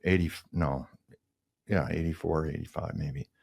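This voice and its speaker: A man's voice: a bass voice, steady tone, measured pace, gravelly, a little mellow, slightly rough. A man in his sixties from the Minneapolis area, a designer guest telling rambling anecdotes in a casual interview. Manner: rambling anecdotes with laughs and mimicked voices.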